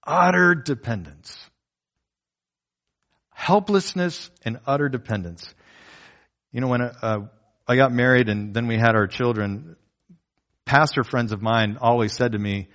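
A man's voice: mid-range voice, expressive, unhurried, a bit bright. Earnest male pastor preaching a sermon. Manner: earnest, repetitive teaching with enumerated points. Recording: dull lo-fi recording.

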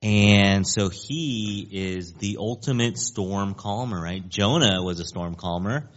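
A man preaching a sermon in a conversational, animated way, often checking in with the listeners. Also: on the low side, slow pace, highs cut off.

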